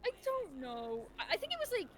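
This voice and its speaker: A woman's voice: sits high, huge pitch swings, brisk, a bit bright. A woman telling long, rambling stories in casual chat, laughing often.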